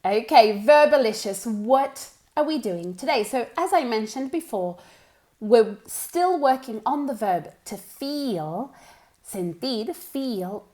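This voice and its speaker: Here a woman's high, dark-toned voice leads a bilingual English class focused on pronunciation. Her manner is upbeat and encouraging as she slowly drills and repeats each word.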